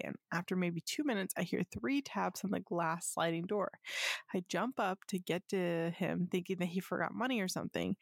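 Gravelly-voiced woman reading stories, laughing. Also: lowish voice, dry recording, studio quality. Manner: laughs often, swears, casual banter. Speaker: podcast co-host. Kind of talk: reading listener stories aloud and joking about them.

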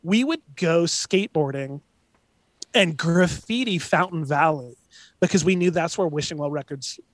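A man's voice: on the high side, normal speed, no room sound. A man, a band member being interviewed, telling stories casually and animatedly. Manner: chatty, animated anecdotes with put-on voices. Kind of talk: casual storytelling.

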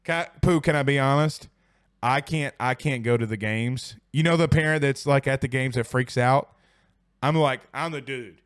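A man's voice: mid-range voice, moderate pace, dry recording, studio quality. A man hosting a casual sports talk show from home, chatty and rambling, with many restarts and fillers. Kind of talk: casual live-stream chat.

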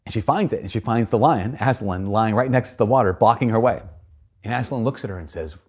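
A man's voice: lowish voice, expressive, fairly quick. A man, a priest, giving a homily in an earnest storytelling manner, with shifting emphasis.

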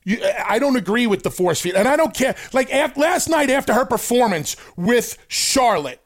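A high-pitched man co-hosting a wrestling talk show, ranting with emphasis and energy. He talks in a casual, heated way, pressing his points hard. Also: very animated, normal speed. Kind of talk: casual chat.

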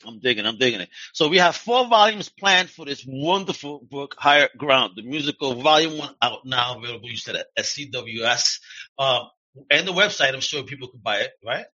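An enthusiastic male podcast host from Puerto Rico with a bright, pressed, somewhat husky voice. He chats playfully and keeps the conversation upbeat. The recording sounds dull and lo-fi. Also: medium pitch, animated, brisk. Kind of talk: casual interview chat.

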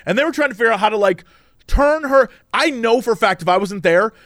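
A man hosting a casual chat, spinning a story in a high, lively voice that leaps up and down. He acts out the people he quotes in sudden bursts. The sound is dry and close. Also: fast, no room sound. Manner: animated storyteller, acts out quotes with big pitch jumps. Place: Los Angeles.

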